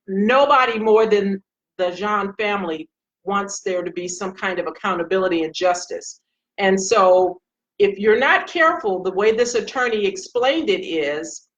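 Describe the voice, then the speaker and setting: A woman's voice: mid-range voice, a bit bright, highs cut off. A woman, a retired police sergeant, giving casual commentary on a Facebook Live stream. She speaks directly and earnestly, addressing viewers by name.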